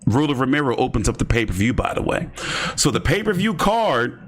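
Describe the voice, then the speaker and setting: A man's voice: medium pitch, very animated, brisk. A man hosting casual boxing commentary, rambling and joking with slang and lots of fillers. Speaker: host.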